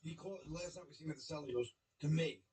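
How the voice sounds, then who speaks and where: A male comedian guesting on a radio show who fires off insults at the others. His voice sits a bit higher than most men's, and he jabs in quick bursts. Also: a little mellow, rough recording. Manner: rapid-fire mocking insults. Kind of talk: radio banter.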